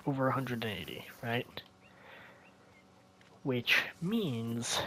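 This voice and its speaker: A young man narrates his gameplay in a loose, rambling way, thinking aloud and often sinking into a hushed tone. His voice is sharp and bright, with faint noise underneath. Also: medium pitch, slow pace, long pauses. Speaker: gaming video creator. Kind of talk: casual gameplay commentary.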